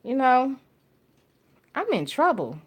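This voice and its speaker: Southern woman vlogging from home, kinda high voice, joking and real with her viewers. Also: very animated, takes it slowly, husky. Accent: Southern US, Alabama. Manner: candid, joking, talks straight to viewers as y'all. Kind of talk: casual chat to camera. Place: at home by her makeup table.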